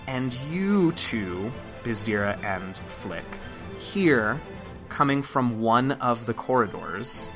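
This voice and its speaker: A man's voice: medium pitch, lively intonation, takes it slowly, music in the background. A man narrating a tabletop game as game master, loose and chuckling, with lots of fillers.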